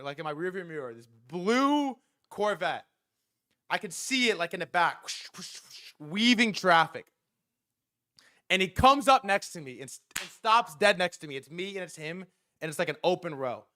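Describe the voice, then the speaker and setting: A young man hosting a livestream and telling a casual story, animated and profane, often repeating himself and restarting his sentences. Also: high-pitched. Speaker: livestream host.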